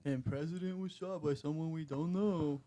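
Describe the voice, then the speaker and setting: A man's voice: fairly high pitch, steady tone, moderate pace, mellow. A young man co-hosting a podcast, talking in a loose, rambling way with plenty of dude and bro. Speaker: podcast co-host. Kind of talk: casual chat.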